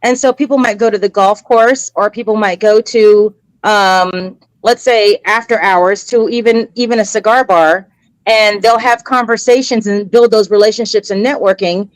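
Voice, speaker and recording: A woman's voice: medium pitch, normal speed, dry recording, low-quality recording. A middle-aged American woman, an interview guest, telling stories in an earnest, emotional way and acting out the voices she quotes. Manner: animated, acts out quoted voices. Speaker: interview guest, cigar educator. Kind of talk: casual conversational storytelling.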